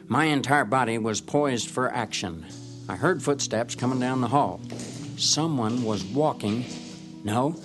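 A man's voice: fairly high pitch, fairly bright tone. A man narrating a story in character as a cocksure male ranch dog, in a folksy, self-important manner.

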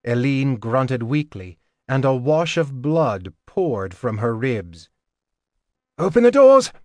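A man narrating a fantasy audiobook in a measured, steady reading on a close mic. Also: mid-range voice, no echo. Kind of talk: scripted narration.

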